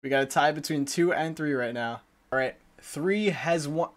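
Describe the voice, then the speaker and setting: A man's voice: fairly high pitch, moderate pace. Jokey young male game streamer. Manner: joking, self-deprecating, talks to chat. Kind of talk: casual game commentary.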